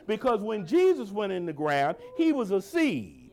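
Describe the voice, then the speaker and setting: A man preaching in a high voice that swings widely in pitch. He quotes old scripture and talks informally with the congregation, slowing right down on the lines he wants them to repeat. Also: very animated, darkish tone. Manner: preaching with a call-and-response cadence, slowing to stress lines; informal speech, asking the congregation for agreement. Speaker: pastor. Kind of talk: sermon.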